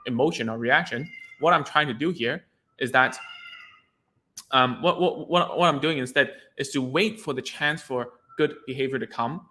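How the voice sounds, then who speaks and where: Guy with a bright voice chatting through parenting tips, lots of restarts, super casual. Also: medium pitch. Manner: chatty, informal, restarts and repeats words. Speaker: speech therapist. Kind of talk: casual teaching talk to camera.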